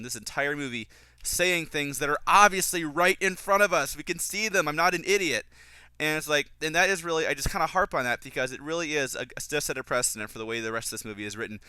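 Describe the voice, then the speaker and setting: A man giving casual fan commentary on a film, opinionated and quick to get exasperated. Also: medium pitch, sharp tone, clear, resonant tone, no echo. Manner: opinionated, flares into exasperated ranting.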